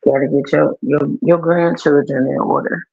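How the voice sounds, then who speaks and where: A man's voice: on the high side, fairly even intonation, normal speed, vocal fry, breathy edge, dry recording. A man chatting bluntly and teasingly as a podcast guest from his bedroom. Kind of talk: casual chat. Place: home bedroom. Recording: dull lo-fi audio.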